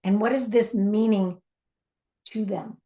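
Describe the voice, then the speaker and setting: A woman giving a spoken teaching on communication, emphatic and repetitive for stress, sometimes dropping to a soft near-whisper. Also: medium pitch, fairly even intonation, takes it slowly.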